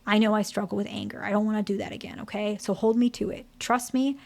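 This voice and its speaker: A woman's voice: medium pitch, fairly even intonation, quick pace, creaky, darkish tone, close to an everyday voice. A woman voicing a remorseful husband. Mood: earnest. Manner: earnest, apologetic. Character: remorseful adult husband apologizing.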